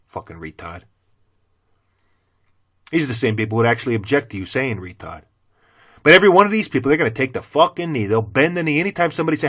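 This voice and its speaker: A middle-aged man who once taught school, now ranting to camera with a blunt, cursing delivery. His voice sits at an ordinary male pitch and jumps from low mutters to loud, mocking outbursts. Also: very animated, quick pace, pauses often. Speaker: former teacher turned channel host. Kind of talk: profane opinion rant to camera.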